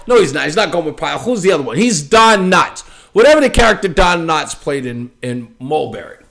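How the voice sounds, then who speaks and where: Animated ranting male commentary host. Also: on the high side, creaky. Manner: ranting, animated, laughs often, many fillers. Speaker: show host. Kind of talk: opinionated political commentary.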